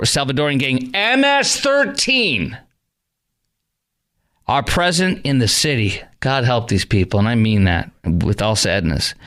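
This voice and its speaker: A man's voice: medium pitch, a bit bright. Male talk radio host, indignant and rambling, mid-range voice, lots of ums. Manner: indignant, rambling, many fillers and restarts.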